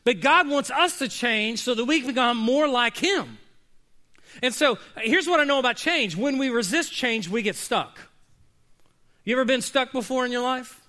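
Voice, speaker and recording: A man preaching a sermon, animated and conversational, slipping into quick acted asides and questions to the congregation. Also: extremely high pitch. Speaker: pastor.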